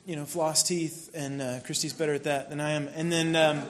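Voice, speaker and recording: A man preaching a sermon in a relaxed, conversational storytelling way, with sudden bursts of mock frustration. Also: fairly high pitch, moderate pace. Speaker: pastor.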